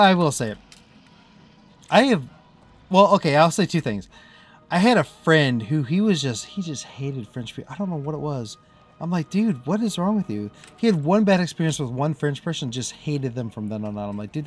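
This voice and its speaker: A man's voice: fairly high pitch, very animated, fairly quick, soft background music. Chatty rambling streamer man. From US Midwest. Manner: chatty and rambling, with frequent self-interruptions and laughs. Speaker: game streamer. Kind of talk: casual live-stream commentary.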